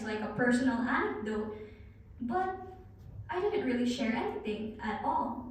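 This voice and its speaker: A woman's voice: sits high, expressive, normal speed. A woman giving a guest talk on presentation skills, coaching the audience and speaking straight to them in a large hall. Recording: very echoey hall, far from the mic.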